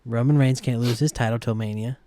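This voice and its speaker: A man's voice: mid-range voice, steady tone, brisk, dark tone, slight background noise. A man with a Midwestern American accent co-hosting a casual wrestling podcast, joking in slang and calling his co-host bro.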